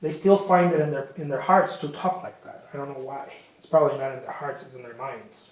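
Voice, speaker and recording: This man teaches painting in a brisk, medium-pitched voice, talking casually and rambling as he goes. He repeats himself often and keeps saying "you know," all in a very echoey room.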